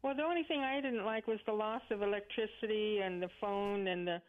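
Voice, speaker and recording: A woman's voice: mid-range voice, brisk. A woman calling in to a radio show, chatty and earnest, rambling a little as she talks. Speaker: caller. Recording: phone line.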